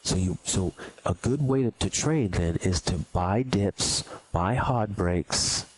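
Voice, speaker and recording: A man's voice: low-pitched, slow pace. A man teaching a recorded trading lesson, blunt and emphatic, hammering his points home by repeating them. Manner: acts out anxious beginners in mock quotes. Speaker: trading instructor.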